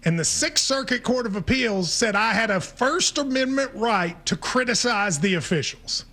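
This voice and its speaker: Brief: high-pitched male talk host, assertive and dryly teasing. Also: animated, normal speed, bright, forceful tone. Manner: assertive, wry. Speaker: sports radio host. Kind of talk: sports talk radio.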